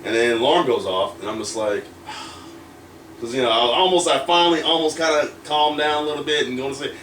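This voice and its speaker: A man's voice: medium pitch, fast, fairly bright tone. A man telling a story in a casual interview, rambling and full of fillers, acting out quoted lines. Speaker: wrestler guest. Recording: roomy echo, distant from mic, faint noise.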